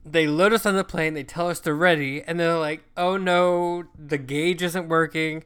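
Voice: mid-range voice, normal speed, hardly any pauses, a bit bright, clean tone. A co-host telling a travel story in casual chat, swearing freely and acting out what people said. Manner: profane, chatty, acts out quoted lines.

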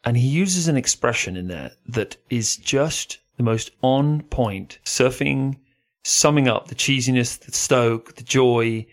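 Man, podcast co-host, casual chat, animated, mid-pitched voice. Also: a little slow. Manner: animated storyteller, leans on comparisons.

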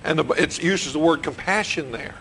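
Middle-aged male pastor, gravelly slightly high voice, preaching style with repeated questions to the room. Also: moderate pace, a bit bright, a little hiss or hum, rough recording. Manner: repeats questions to the congregation, restarts phrases. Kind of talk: sermon. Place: church sanctuary.

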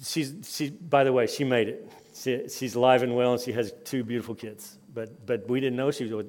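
A man in his fifties giving a conference sermon, telling personal stories with lively rises and drops in his voice. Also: mid-range voice, normal speed. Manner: lively storytelling, voice rising and dropping with the tale. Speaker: conference speaker. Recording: long hall reverb.

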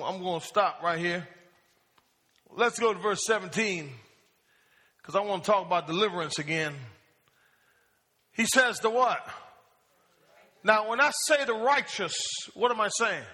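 A male pastor preaches in a church sanctuary and keeps calling on the congregation to answer him. His voice is bright and sharp. A long reverb trails behind his words in the hall. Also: high voice, expressive, normal speed, long pauses. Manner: asks the congregation questions and calls for answers. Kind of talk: call-and-response sermon.

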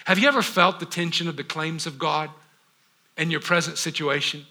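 High, bright-voiced preacher with dramatic pauses. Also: male voice, fairly even intonation. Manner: preaching with dramatic pauses and sudden drops to a hush; rhetorical questions, acts out biblical quotes. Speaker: pastor. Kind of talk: sermon.

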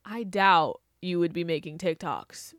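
A young woman hosts her own podcast in a voice on the low side, speaking unhurriedly on a dry, clean studio recording. Her casual rant is sarcastic, full of laughs and exaggerated outbursts.

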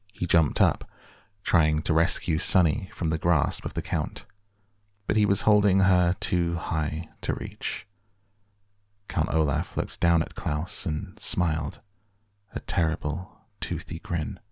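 Deep gravelly guy reading a storybook, slow wry delivery, dry close sound. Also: no room sound. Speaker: narrator. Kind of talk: audiobook narration.

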